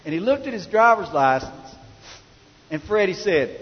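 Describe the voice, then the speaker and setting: A middle-aged pastor preaching in a folksy, chatty way, telling stories in a fairly high voice. He is heard in a church hall with a long echo, and the sound is a little muffled. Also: very animated, moderate pace, long pauses. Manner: folksy storytelling, conversational. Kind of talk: sermon.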